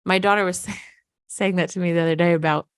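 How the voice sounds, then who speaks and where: A frank, middle-aged woman coaching parents in a casual, unfiltered way. Her voice sits somewhat low and sounds dry and close, with no room echo. She swears freely. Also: steady tone, fairly quick, clean tone. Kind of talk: candid talk to parents.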